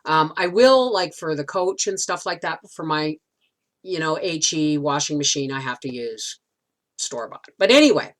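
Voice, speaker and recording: A woman's voice: low voice, animated, moderate pace. A middle-aged woman telling a rambling story in a casual vlog, with many restarts. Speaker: homesteading vlogger.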